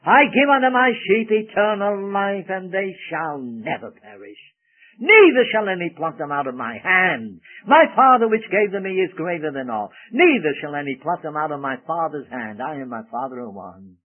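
A man preaching a sermon in an earnest, emphatic way, swelling loud on key phrases and dropping soft again. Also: a little high, sing-song, normal speed. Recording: tinny phone-like old radio broadcast.

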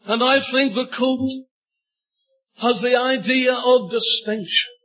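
A man preaching a sermon with fervent repetition, drawing out his words and rising to loud emphatic bursts. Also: very high-pitched, fairly even intonation, muffled recording. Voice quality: fervent, repeats scripture lines for emphasis. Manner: slow, drawn-out preaching with sudden loud emphatic rises.

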